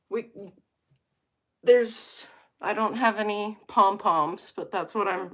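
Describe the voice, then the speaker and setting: A vlogger in her thirties from Alberta, Canada chats casually and playfully with her viewers, rambling and interrupting herself. Her voice is mid-range with a fairly bright tone.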